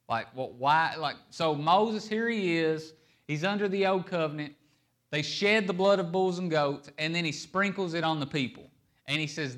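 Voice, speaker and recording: A male pastor delivering a sermon with a slightly higher-than-average voice. He leans hard on key words, slowing down and speeding up, dropping low and then swelling louder to drive each point home. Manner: emphatic, varies pace and loudness, stresses key words.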